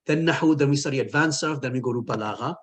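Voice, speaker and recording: Man, online lecture, linguistics teacher, mid-pitched, playful, laughs at own jokes. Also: quick pace. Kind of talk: recorded online lecture with quiz.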